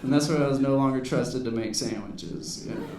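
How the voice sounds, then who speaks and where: With a warm, medium-pitched voice and a slightly fast pace, a comedian in his thirties rambles easily through a stand-up set, saying "you know" often. A distant mic in the roomy club catches a little hiss or hum along with the crowd's laughter.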